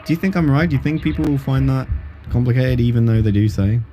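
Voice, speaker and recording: A man streaming a space game, chatting casually with friends and his viewers in a relaxed, joking way. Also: mid-range voice, quick pace, soft background music.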